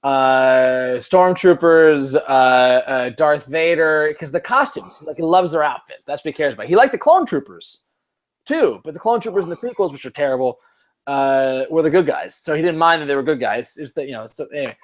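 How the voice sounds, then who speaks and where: A man's voice: fairly high pitch, expressive, moderate pace. A man from Cleveland hosting a podcast, chatting casually in a rambling, self-mocking way and laughing often. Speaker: podcast host.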